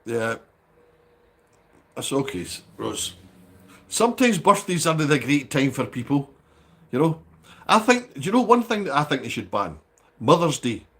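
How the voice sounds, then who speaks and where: Male streamer, slightly raspy, animated delivery, casual banter with chat. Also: a little high, normal speed, pauses often. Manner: chatty, banters with viewers by name. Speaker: live streamer host. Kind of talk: casual livestream chat reading viewer comments.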